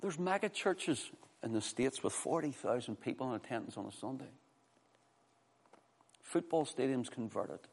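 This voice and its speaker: A man preaching a sermon, animated, often repeating words as he restarts and acting out the voices of people he quotes. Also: medium pitch, moderate pace, gravelly, long pauses, husky. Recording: reverberant hall.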